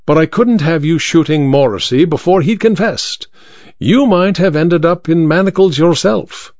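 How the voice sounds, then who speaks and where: A man voicing a shrewd Victorian detective who talks in a crisp, bland, self-assured way, in a storybook reading. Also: on the high side, moderate pace, a little mellow, no echo, pitched above the performer's own voice, natural voice. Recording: dry, slightly dull recording.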